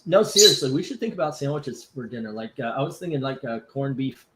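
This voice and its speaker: A man's voice: mid-range voice, animated, brisk, very noisy. A man hosting a live comic book auction stream, chatting casually in a rambling, joking way and reading out viewer comments. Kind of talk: casual livestream chat.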